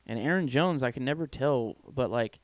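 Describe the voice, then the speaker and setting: A man on a podcast venting his opinions in casual, profanity-laced chat. His voice sits at a middling pitch and is recorded close and dry, with no room sound. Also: normal speed, no room sound. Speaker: podcast co-host.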